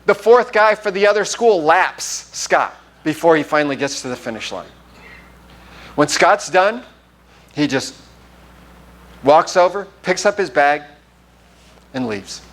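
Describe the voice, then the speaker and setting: A man's voice: fairly high pitch, unhurried, pauses often. A man preaching a sermon as pastor, telling a personal story and acting out the dialogue. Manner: animated storytelling, acts out the dialogue. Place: church sanctuary.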